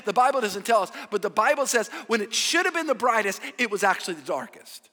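A man preaching a sermon with emphatic, drawn-out phrases, swinging between loud and hushed. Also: high-pitched, lively intonation. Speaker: pastor. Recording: echoey hall with long reverb.

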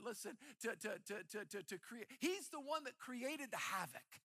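A middle-aged pastor delivers an animated sermon, often repeating words as he builds momentum. His voice sits high and sounds sharp and forceful, with a gravelly grain. The recording is dry and close, with no room echo. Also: normal speed, hardly any pauses. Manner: animated preaching, repeats words when worked up.

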